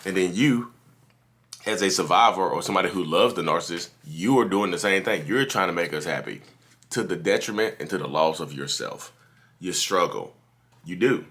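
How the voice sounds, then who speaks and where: A man's voice: sits low, lively intonation, normal speed, fairly bright tone. A man hosting a podcast, giving casual advice straight to his listeners from his office, repeating his points and calling them "y'all". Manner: repetitive, calls listeners "y'all", preachy. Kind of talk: casual direct-to-camera advice talk.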